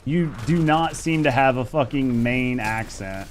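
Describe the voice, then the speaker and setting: A man with a Midwestern accent talks loosely to his chat while he plays, repeating himself and cursing in an easy, unhurried way. His voice sits in an ordinary middle pitch. Faint game gunfire runs underneath. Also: slight background noise. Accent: Midwestern American. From Indiana. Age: over 30. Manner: laid-back, rambling, swears a lot. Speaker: streamer. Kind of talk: casual live-stream chat.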